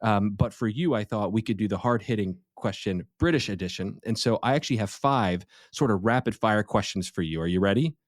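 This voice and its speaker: American male podcast host, low voice, joking. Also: brisk, few pauses, no room sound, clean studio sound. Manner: jokey, playful. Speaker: host, pastor. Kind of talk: casual podcast chat.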